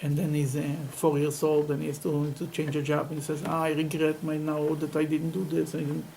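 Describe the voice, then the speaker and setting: Middle-aged rabbi guy teaching talmud, lively storytelling, laughs a lot, bit of hiss. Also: fairly high pitch, fairly quick, gravelly, rough recording. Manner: animated storytelling, laughs often, repeats words. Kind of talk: Talmud class lecture.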